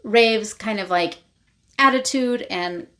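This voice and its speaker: Sex: female. Role: book vlogger. Style: casual recap. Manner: chatty, with filler words. Pitch: middle. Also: slow pace, sharp tone. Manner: chatty, with lots of "like" and "you know".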